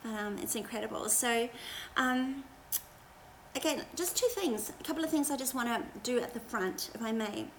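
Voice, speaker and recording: Chatty woman pastor, soft hiss. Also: a little high, expressive, moderate pace, low-quality recording. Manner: warm pastoral encouragement, chatty with fillers. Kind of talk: informal devotional livestream talk.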